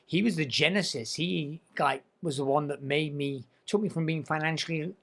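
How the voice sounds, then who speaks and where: Male podcast host, slightly high voice, emphatic and keen, studio chat. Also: moderate pace, a bit bright. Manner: emphatic, enthusiastic.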